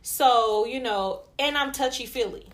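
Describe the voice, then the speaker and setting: Woman, podcast co-host, casual storytelling, profane and animated, faint background noise. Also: fairly high pitch, a little slow. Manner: animated, profane, laughs through her story.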